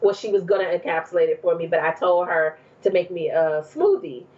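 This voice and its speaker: A woman's voice: fairly low pitch, lively intonation, a little fast, a little mellow. Chatty woman guest, dull lo-fi sound. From New Jersey. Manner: chatty, laughs often, many fillers. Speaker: podcast guest. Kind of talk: casual storytelling.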